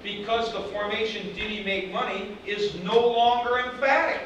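Guy teaching a class, kinda high voice, mic far off, super echoey room. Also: moderate pace, dull audio, slight background noise. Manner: animated, acts out example sentences. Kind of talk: classroom lecture.

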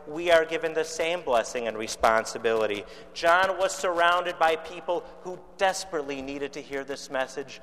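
A man's voice: medium pitch, fairly bright tone. Man preaching in a reverberant church. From Chicago. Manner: conversational, rhetorical questions, dry humor. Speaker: pastor. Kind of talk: sermon.

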